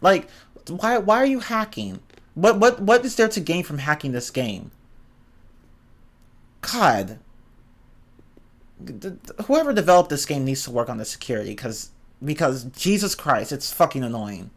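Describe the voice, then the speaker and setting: A man with a somewhat high voice rants in a loose, irritated way. He swears freely, trips over his own words and keeps restarting sentences as the frustration spills out. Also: big pitch swings, a little slow, pauses often. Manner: exasperated, swears a lot, stumbles and restarts. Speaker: streamer ranting about online games. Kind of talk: casual profane rant.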